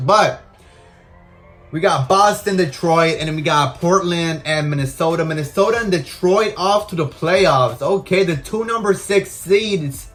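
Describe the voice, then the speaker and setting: A man's voice: a little high, fairly bright tone. A young man giving casual gameplay commentary as a video game channel host, talking in a slangy way and venting his frustration. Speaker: gaming YouTuber.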